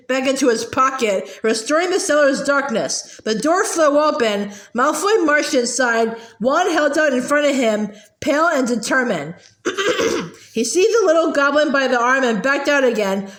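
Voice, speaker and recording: A woman reads a novel aloud, with a high voice. She keeps a steady pace and sometimes stumbles or clears her throat. The room echoes around her. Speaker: audiobook reader.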